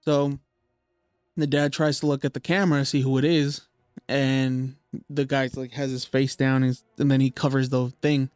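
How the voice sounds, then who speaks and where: A man's voice: mid-range voice, little pitch movement, normal speed, darkish tone, smooth, no echo, studio quality. A young man hosting a podcast, casually retelling a spooky story with lots of fillers and swearing. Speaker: podcast host.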